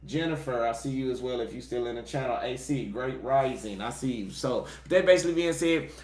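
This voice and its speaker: A man's voice: mid-range voice, brisk. Guy doing a tarot reading, says y'all a lot, echoey room sound. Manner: repeats affirmations, gives shout-outs; dialect-tinged informal speech, uses "y'all". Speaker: tarot reader. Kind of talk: casual spiritual reading for viewers.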